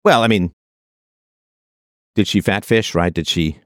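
A man's voice: deep voice, measured pace, dry recording, studio quality. A man delivering a monologue of commentary in a sarcastic manner, now and then mocking the voices of the people he quotes.

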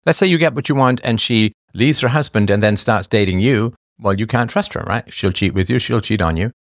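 A middle-aged man with a lowish voice talks fairly quickly as he hosts a casual livestream. He answers viewer questions bluntly, laughs often and tends to go off topic, all captured in studio-quality sound with no echo.

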